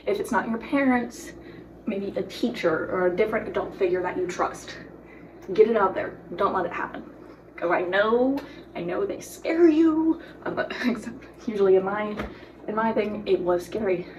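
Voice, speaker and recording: A teenage girl baking at home, giving earnest advice straight to the viewer with lots of giggles. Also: mid-range voice. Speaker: baking vlogger. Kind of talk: casual baking vlog with advice. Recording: voice from a distance off the mic, faint noise.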